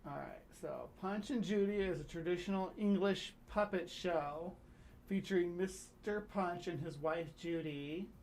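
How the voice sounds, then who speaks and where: A woman's voice: fairly low pitch, a little slow, darkish tone, slight background noise. A woman hosting a casual livestream, chatty and rambling as she reads aloud and reacts to viewers. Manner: chatty, rambling, reading aloud with fillers and restarts. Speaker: livestream host.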